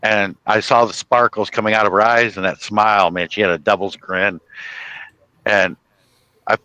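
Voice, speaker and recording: A chatty man spins funny stories in a loose, rambling way, often laughing at himself. His voice is bright and ringing, recorded close and dry with no room echo. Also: lowish voice, steady tone, normal speed, smooth, dull audio. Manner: chatty, with many restarts and "you know". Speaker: guest telling stories. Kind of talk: casual storytelling chat.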